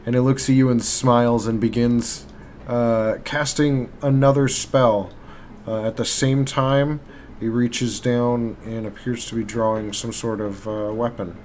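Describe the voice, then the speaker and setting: A man narrating as game master for a live tabletop game, halting and filler-heavy as he describes the action. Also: mid-range voice, fairly even intonation, a little mellow, a little hiss or hum. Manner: halting, with many fillers and restarts. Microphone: streaming mic.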